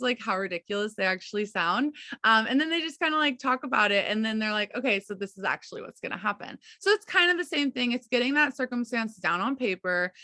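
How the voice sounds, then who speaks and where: Bright, upbeat woman coaching on a video call. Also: medium pitch, no room sound. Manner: encouraging, chatty, many fillers and "okay, you guys". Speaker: team coach leading a mentoring call.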